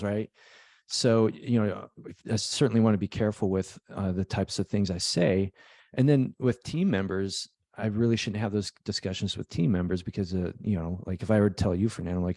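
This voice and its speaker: A man co-hosting a business podcast in a relaxed, conversational way, often acting out what people say. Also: on the low side, normal speed, dry recording, studio quality. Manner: relaxed, conversational, acts out quotes. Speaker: podcast co-host, business owner. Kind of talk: casual business podcast chat.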